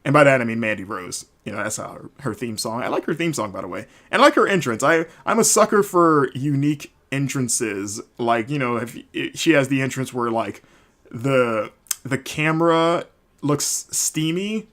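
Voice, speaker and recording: A man's voice: medium pitch, lively intonation, normal speed, a bit bright. Rambling male podcast host. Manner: rambling, filler-heavy casual talk. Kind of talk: solo wrestling recap podcast.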